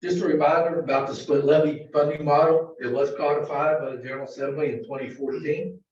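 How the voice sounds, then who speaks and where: A man presenting a county budget to a board in a halting, filler-heavy way, recorded in a meeting room. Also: a little high, steady tone, darkish tone, a little hiss or hum. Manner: halting, many fillers and restarts. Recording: distant, very echoey, dull meeting-room audio.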